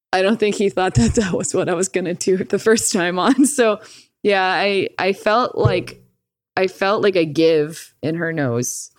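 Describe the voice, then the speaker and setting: A woman's voice: lowish voice, dry recording. A young woman telling a story casually, with lots of swearing and filler words. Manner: profane, filler-heavy with "like"; animated retelling with laughs. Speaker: streamer guest.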